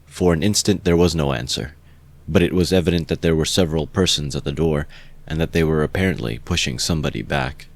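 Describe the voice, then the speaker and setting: A man calmly narrating an amateur audiobook reading of a classic novel. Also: rumbling low, brisk, gravelly, no room sound.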